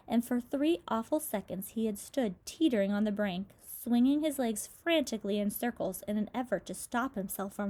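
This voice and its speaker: A woman reading a children's book aloud, with lively voices for the characters. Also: fairly high pitch. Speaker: storybook reader.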